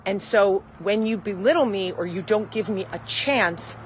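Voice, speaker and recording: A woman in her forties speaks candidly to camera, acting out both sides of a remembered exchange. Her voice sits at an ordinary middle pitch, and a faint hum of passing vehicles runs underneath. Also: moderate pace, rough recording. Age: 40s. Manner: candid, animated storytelling, acts out quoted dialogue. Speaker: host. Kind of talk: casual talk to camera.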